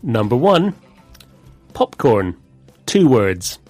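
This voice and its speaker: A man co-presenting an English vocabulary lesson, explaining words in clear, measured scripted dialogue with a close studio mic. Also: medium pitch, sing-song, a little mellow, no echo, faint music behind.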